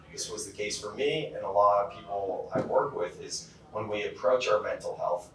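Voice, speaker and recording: A man from California giving a motivational keynote talk, telling stories in a casual way with lots of fillers. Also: mid-range voice. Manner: casual storytelling with many fillers. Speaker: keynote speaker. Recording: very echoey hall, heard from far off.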